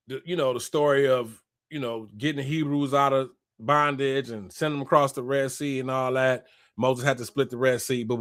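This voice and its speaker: A man retelling a scripture story in a casual, profane and animated way, acting out the people in it. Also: a little high, no echo, studio quality. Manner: animated, profane, slangy, acts out quotes. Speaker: spiritual commentator.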